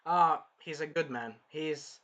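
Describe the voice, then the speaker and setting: A man hosting a casual anime episode review, rambling and sidetracking, often apologizing and clearing his throat. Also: a little high, measured pace, bright, forceful tone. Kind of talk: casual chat recapping an episode.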